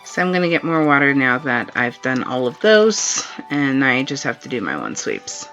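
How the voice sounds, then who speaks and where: Over faint game music and dull lo-fi stream audio, a woman with a very deep voice gives live gameplay commentary at a moderate pace. She keeps things relaxed and laughs a lot while she plays.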